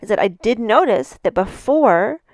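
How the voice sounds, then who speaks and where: A woman's voice: mid-range voice, moderate pace, dry recording. Chatty woman telling a story, dry sound. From Canada. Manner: chatty, animated retelling with frequent asides. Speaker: podcast host. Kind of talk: casual storytelling monologue.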